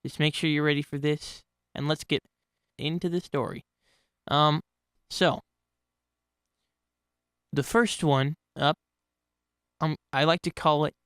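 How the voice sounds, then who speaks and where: Rambling storyteller man, smooth voice. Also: a little high, a bit bright, dry recording, studio quality. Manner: rambling, with frequent restarts and self-corrections. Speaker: channel host telling stories. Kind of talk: casual spoken storytelling.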